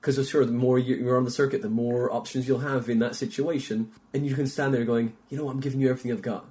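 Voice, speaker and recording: A man's voice: medium pitch, little pitch movement, mellow. Enthusiastic man hosting a podcast. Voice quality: enthusiastic, halting restarts when musing. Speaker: podcast host. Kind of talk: casual chat.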